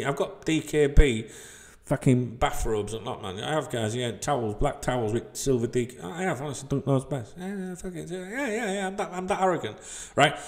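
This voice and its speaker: Man, middle-aged, sweary, blunt football rant into a desk mic. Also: medium pitch. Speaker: football channel vlogger. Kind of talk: ranting vlog to subscribers. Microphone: desk microphone.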